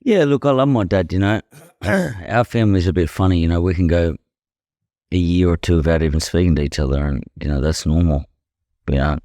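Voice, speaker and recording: A young Australian man with a very deep, low-pitched voice and a dark, mellow tone. He tells his story as a podcast guest in plain, blunt language, swearing freely and leaning on "you know" after most phrases. The recording is dry and close, with no room sound. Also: a little fast, no echo. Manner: blunt and profane, leans heavily on "you know". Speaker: podcast guest, professional boxer. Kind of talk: candid conversational storytelling.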